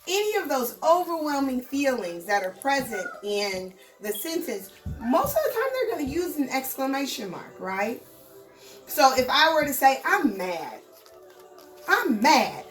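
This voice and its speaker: A woman's voice: on the high side, a bit bright, reverberant, far from the mic, low-quality recording. A woman teaching a recorded lesson to young children in a sing-song, encouraging way, stressing words for emphasis.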